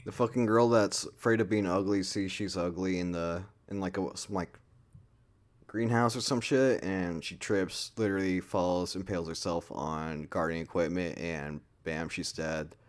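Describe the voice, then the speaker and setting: A man's voice: low-pitched, steady tone, normal speed. A man giving a casual, rambling movie review, full of swearing and filler words.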